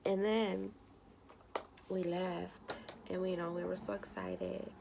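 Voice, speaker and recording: A woman's voice: fairly low pitch, little pitch movement, slow, background noise. A young woman vlogging from home, telling a story casually with lots of "like" and quoted dialogue. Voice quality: gravelly vocal fry. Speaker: beauty vlogger.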